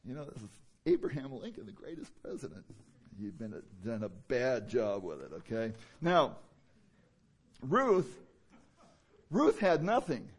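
A man's voice: mid-range voice, wildly swooping pitch, unhurried, pauses often, husky. A man preaching a sermon in a conversational way, with many fillers and rhetorical questions. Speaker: pastor.

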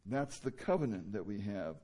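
A man's voice: fairly low pitch, expressive, normal speed, warm tone. A man preaching a sermon in a conversational way, with many fillers and rhetorical questions. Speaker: pastor.

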